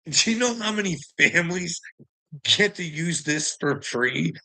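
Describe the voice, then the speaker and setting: A man's voice: a little high, animated, measured pace, bright, forceful tone. A Canadian man in a rambling casual monologue, swearing a lot and laughing often between sentences.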